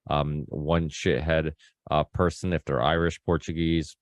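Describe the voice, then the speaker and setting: A man's voice: extremely low pitch, level tone, measured pace, no echo. A man hosting a podcast, talking in a rambling casual way with many restarts. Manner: acts out quoted people in a raised voice. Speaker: podcast host.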